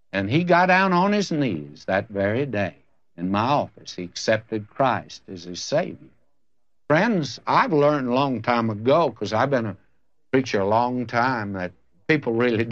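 A man preaching a sermon, telling a story conversationally and acting out both sides of a dialogue before reading scripture. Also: mid-range voice. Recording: dull lo-fi recording.

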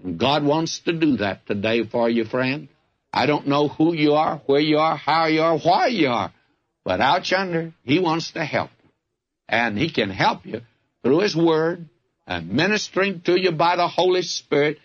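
A man's voice: fairly high pitch, lively intonation, normal speed, muffled recording. An older man with a Southern US accent, preaching a folksy, fervent radio sermon that keeps calling the listener "friend". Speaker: radio Bible teacher.

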